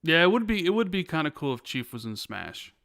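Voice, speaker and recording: Guy hosting a gaming podcast, jokey, clean smooth voice, no room sound. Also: on the high side, big pitch swings, brisk, fairly bright tone, no echo, studio quality. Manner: joking, teasing. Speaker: podcast host. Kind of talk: casual chat.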